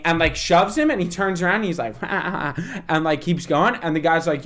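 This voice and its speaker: A man co-hosting a podcast in casual chat, profane and animated when telling stories. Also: on the high side, normal speed. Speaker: podcast co-host.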